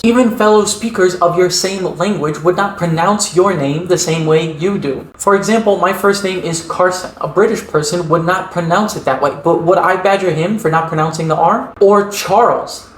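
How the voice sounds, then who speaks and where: An earnest young man with an American accent talks through linguistic ideas in a clear, explanatory way. His voice sits high for a man. The room adds a noticeable echo. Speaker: linguistics video creator. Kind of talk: educational commentary. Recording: roomy echo.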